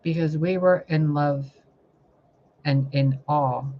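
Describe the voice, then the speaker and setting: A woman's voice: low voice, steady tone, slow pace, muffled recording. A woman tarot reader giving an impassioned spiritual monologue, fiery and confrontational, full of swearing and rhetorical questions.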